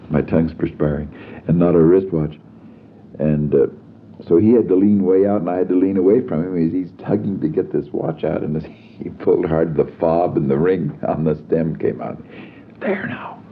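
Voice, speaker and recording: An older man with a very deep, gravelly voice tells stories from his past in a halting way, stopping often to restart his sentences. The sound is tinny and narrow, like an old recording played over a phone line, with faint hiss beneath it. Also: steady tone. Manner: halting, with many fillers and restarts. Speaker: storyteller. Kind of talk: anecdotal reminiscence.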